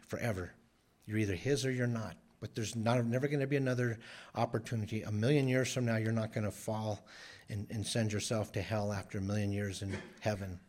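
A man's voice: fairly low pitch, a little mellow. A man preaching a sermon in an earnest, emphatic way, often repeating phrases for stress. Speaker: pastor.

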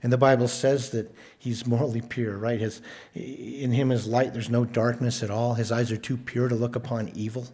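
A man preaching a sermon, stressing points by repeating words, with a measured, emphatic delivery. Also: mid-range voice, little pitch movement, darkish tone. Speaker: pastor.

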